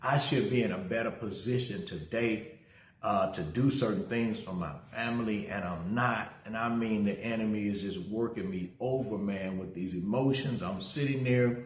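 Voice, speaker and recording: The recording has a roomy echo as a middle-aged male pastor, his voice on the low side and at normal speed, preaches a casual livestream sermon. He's energetic, calls out viewers by name, and recounts something from his own life.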